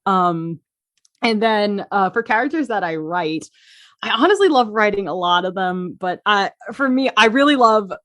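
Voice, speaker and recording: A woman's voice: medium pitch, normal speed. A woman talking as a podcast guest about the characters she writes and voices. She tells stories eagerly, laughs often and uses many fillers. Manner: excitable, animated storytelling. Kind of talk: casual interview chat.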